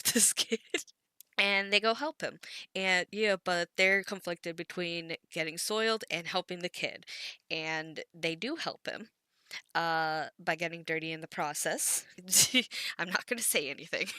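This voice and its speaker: A woman's voice: lowish voice, unhurried, sharp tone, clean tone, dry recording. Giggly rambling woman with a stutter. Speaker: anime commentary creator. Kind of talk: casual recap commentary.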